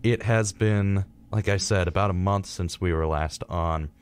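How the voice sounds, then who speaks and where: A man's voice: low voice, unhurried, clean tone. A young man co-hosting a college radio show in casual chat, laughing and stumbling over his words, on a studio microphone.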